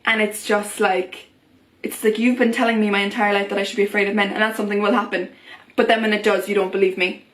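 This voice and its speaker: A woman's voice: medium pitch, little pitch movement, quick pace. A young woman vlogger venting to camera in a heated, impassioned way, often restarting her sentences. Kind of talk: personal vent to camera.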